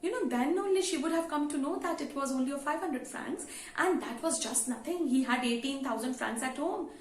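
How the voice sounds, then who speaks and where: A woman's voice: sits high, fairly quick, slight background noise. A woman teacher retelling a story to students in a conversational way, with many "you know" fillers. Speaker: English teacher. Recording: roomy with faint ambience.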